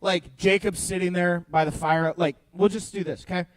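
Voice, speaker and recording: A young man leading a youth group Bible talk, playful and animated, swinging between loud bursts and hushed storytelling. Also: high-pitched, normal speed, hardly any pauses, no echo, low-quality recording. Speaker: youth pastor.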